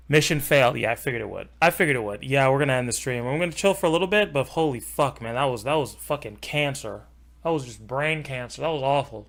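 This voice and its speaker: A man's voice: medium pitch, expressive, fairly quick, a bit bright. A man streaming live, reacting to a clip with profane, exasperated ranting that sometimes drops to a muttered whisper. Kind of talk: livestream reaction commentary.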